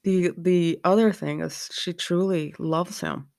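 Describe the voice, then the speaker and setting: A woman's voice: lowish voice, fairly even intonation, slow, gravelly, darkish tone, no echo, studio quality. A middle-aged woman hosting a podcast, talking frankly and candidly from her own experience. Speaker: podcast host. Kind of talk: candid personal podcast talk.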